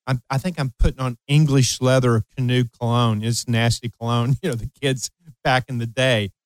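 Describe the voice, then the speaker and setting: A man's voice: mid-range voice, steady tone, normal speed, clean tone, no echo, poor audio. A man in his late sixties hosting an advice show, talking emphatically to parents and repeating key phrases. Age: 60s. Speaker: radio show host and coach. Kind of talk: advice talk with personal anecdote.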